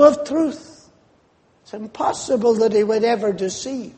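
A man's voice: high voice, a little slow, pauses often, darkish tone. A man preaching a sermon with fervent, emphatic declarations. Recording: long hall reverb.

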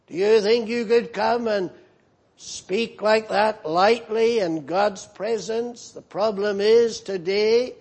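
A man preaching an evening sermon, earnest and solemn, swinging from emphatic lines to hushed ones. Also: high-pitched, slow pace, breathy edge.

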